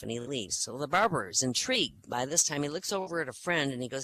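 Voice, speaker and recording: A man's voice: fairly high pitch, fast talker, pushed and bright, poor audio. A man telling a string of jokes, acting out each character as he goes. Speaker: joke teller. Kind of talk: stand-up joke telling.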